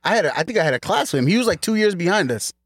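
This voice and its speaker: A man on a podcast in casual chat, excitable and full of slang. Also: sits high, rapid-fire, breathy edge, no echo, studio quality. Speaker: podcast co-host.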